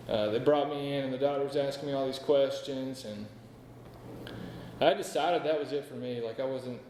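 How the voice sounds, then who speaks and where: A man's voice: mid-range voice, darkish tone, slight background noise. A man in his thirties from North Carolina, telling his recovery story to a meeting in a candid, rambling way, full of "like" and "right?". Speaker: AA speaker sharing his story. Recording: echoey hall with long reverb.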